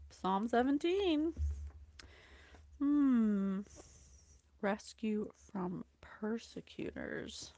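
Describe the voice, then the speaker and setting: Effusive chatty woman, high and slow. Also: sing-song, no echo. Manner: chatty, effusive, laughs often, reads scripture aloud. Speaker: psychic reading host. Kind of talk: casual spiritual livestream talk.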